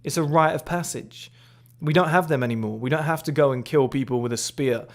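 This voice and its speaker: A cocky man in his twenties delivers a motivational monologue to young men. His talk is blunt and peppered with swearing. He sounds boastful and self-assured, at an ordinary pitch for a man. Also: brisk. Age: 20s. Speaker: men's lifestyle creator.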